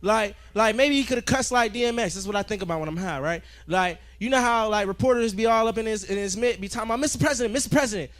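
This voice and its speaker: A man doing a stand-up set on a club stage, loud and animated, swearing a lot. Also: sits high, quick pace, hardly any pauses, clear, resonant tone. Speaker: stand-up comedian.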